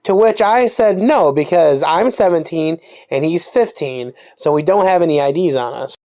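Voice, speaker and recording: A young adult vlogger telling a casual story-time tale, animated, with lively jumps in pitch. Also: normal speed.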